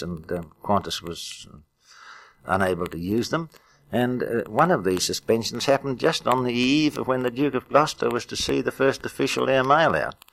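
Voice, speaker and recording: An older man with a very deep voice tells his memories at an unhurried pace. He stops often with "uh" and "um" as he searches his memory. It sounds like an archival oral history interview. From Australia. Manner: halting, many "uh" fillers, reminiscing. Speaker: retired airline pilot, interviewee.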